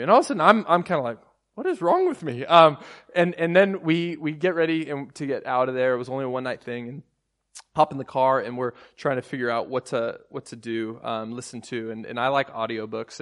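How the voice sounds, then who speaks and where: A man in his thirties preaching, moving from a hushed prayer into a casual, self-deprecating personal story full of fillers and restarts. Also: medium pitch. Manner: soft and hushed while praying. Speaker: pastor.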